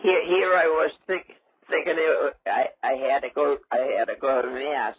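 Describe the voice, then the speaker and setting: An older man with a raspy, gravelly voice, rambling in confusion and repeating himself in prank call clips. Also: a little high, expressive, moderate pace, no echo. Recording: muffled phone line.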